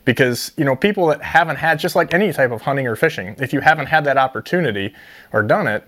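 A fishing show host from Ohio, he tells rambling, animated stories full of fillers. His voice sits at an ordinary middle pitch for a man. He keeps the talk easygoing and chatty. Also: fast. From Ohio, USA. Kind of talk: casual chat.

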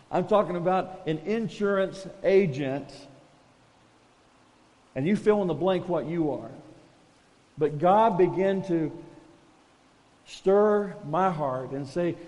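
A man's voice: on the high side, darkish tone, long reverb tail. A man preaching a conversational, self-deprecating sermon as a pastor, calling his listeners folks.

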